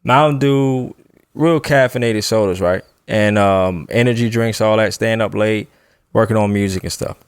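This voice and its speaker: A man's voice: on the low side, moderate pace, clean tone, dry recording, studio quality. A man casually telling a long personal story on a podcast, loose and laughing as he goes. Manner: laid-back, laughs while telling a story. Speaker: podcast co-host.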